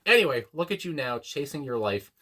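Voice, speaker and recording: A man's voice: mid-range voice, very animated, pushed and bright. Reflective man reacting to a song at home. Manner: reflective, pauses with fillers, reads lyrics aloud slowly. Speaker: music reaction channel host. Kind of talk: casual reaction commentary. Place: home room, a dog nearby.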